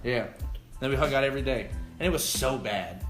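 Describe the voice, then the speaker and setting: A young man in his twenties telling stories in a casual interview, animated and swearing, acting out what people said. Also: medium pitch, a little fast, reverberant, soft background music. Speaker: guest. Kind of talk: casual storytelling.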